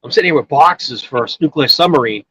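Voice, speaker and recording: A man's voice: fairly high pitch, expressive, fast talker, bright, forceful tone, husky, poor audio. A man telling a long personal story in casual chat, rambling with many restarts and filler words. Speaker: guest storyteller.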